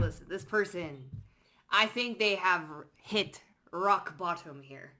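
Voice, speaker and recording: Bright-voiced, blunt, slangy woman tarot reader. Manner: slangy, blunt and profane, with quick laughs; jumps into acted-out quotes in a higher voice. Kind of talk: casual pick-a-card reading.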